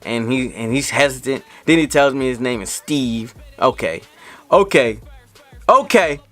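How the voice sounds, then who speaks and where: A man vlogging an indignant storytime rant, animated and repeating himself as he retells the story. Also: medium pitch, normal speed, soft background music.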